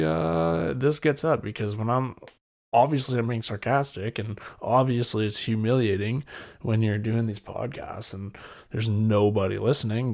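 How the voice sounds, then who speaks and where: A man in his twenties with a medium-pitched, creaky, slightly mellow voice hosts a solo podcast. He rambles candidly in casual chat, pokes fun at himself, and wet mouth sounds come through as he talks.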